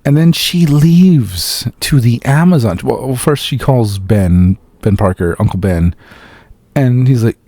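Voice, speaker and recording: A man hosting a casual, profane solo film review, sarcastically acting out scenes in quick asides. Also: medium pitch, expressive, dark tone, dry recording. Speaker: podcast host reviewing a film.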